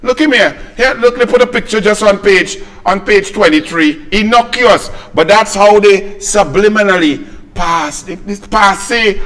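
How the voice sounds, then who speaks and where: A man's voice: high voice, normal speed, a bit bright, low-quality recording. A middle-aged man with a Trinidadian accent, hosting fiery political commentary in an indignant, mocking, rhetorical way.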